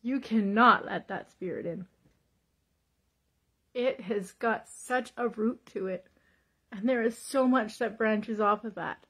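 High-voiced fervent Christian woman vlogger. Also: slow, long pauses, fairly bright tone, husky. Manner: fervent, repeating praise, preachy exhortation. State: teary. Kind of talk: devotional confession vlog.

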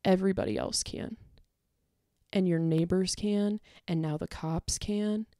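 A woman's voice: on the low side, steady tone, unhurried, warm tone, no room sound, studio quality. A young woman ranting angrily to camera, swearing and confronting an online critic. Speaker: content creator.

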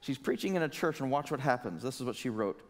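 A man's voice: medium pitch, lively intonation, quick pace, big-room sound. A man preaching a sermon as pastor, in an earnest, conversational way with emphatic rhetorical questions. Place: church sanctuary.

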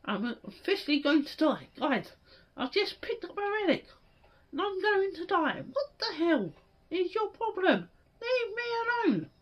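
A woman giving frantic let's play commentary, yelling and pleading at the game. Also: very high voice, sing-song, unhurried, lo-fi sound. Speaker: gaming streamer.

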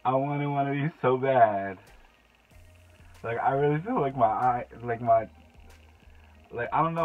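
A young man unboxing makeup in a casual vlog, excitable and gushing, gasping and breaking into shouts. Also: medium pitch, measured pace, pauses often, phone-quality sound. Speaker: beauty vlogger.

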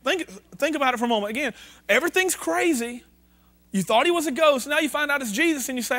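High-voiced pastor preaching. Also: male voice, big pitch swings, a little fast, a bit bright. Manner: conversational preaching, reads scripture aloud, asks the congregation questions. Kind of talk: sermon. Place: church sanctuary.

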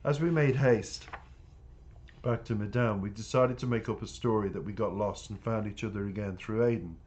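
Low-voiced man reading his story. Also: a little mellow, a little hiss or hum. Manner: unhurried, plain reading with small stumbles. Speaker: author reading his book. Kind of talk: first-person audiobook narration.

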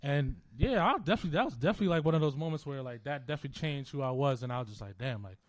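A man's voice: a little high, lively intonation, very fast. A young man co-hosting a podcast, talking casually in loose slang with many fillers.

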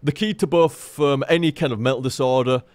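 A man's voice: mid-range voice, brisk, a little mellow, no room sound. A man in frank, rambling live-stream chat, swearing freely and restarting his sentences as he talks to viewers.

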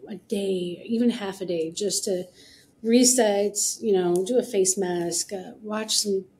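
Earnest mellow-voiced woman guest. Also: medium pitch, steady tone, measured pace, slight background noise, rough recording. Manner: earnest, encouraging, many fillers. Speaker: business co-founder, guest. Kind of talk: casual interview talk.

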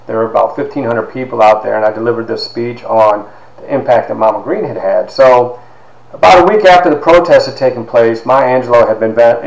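A man, a university instructor, telling stories from his life to his class, lively and sometimes dropping into hushed asides. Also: mid-range voice, vocal fry, echoey room, rough recording. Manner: animated storyteller, drops to hushed asides. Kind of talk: storytelling lecture to a class.

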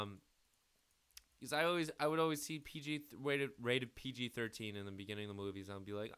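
A man's voice: medium pitch, steady tone, brisk, a bit bright, smooth, no echo. An eighteen-year-old man rambling crudely and mockingly at himself while giving casual gameplay commentary. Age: late teens. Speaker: gaming YouTuber.

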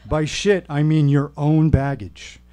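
A man's voice: a little high, warm tone. A man doing a grave, firm hypnosis teacher. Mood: commanding. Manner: grave, measured, instructive. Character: earnest male hypnosis teacher, firm and commanding.

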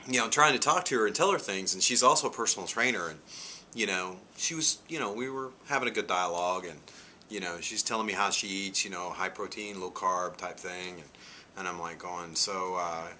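A man in his forties tells a meandering story to his vlog viewers, filling the gaps with "you know" and "like". His voice sits very low but has a bright, forceful edge. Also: brisk, a little hiss or hum. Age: 40s. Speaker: vlogger. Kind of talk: casual chat.

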